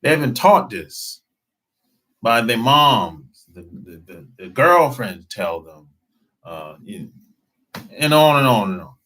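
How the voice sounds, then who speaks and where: Slow-talking man with a lively voice. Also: medium pitch. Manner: slow, drawling, laughs often. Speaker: dating coach. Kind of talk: casual live-stream talk.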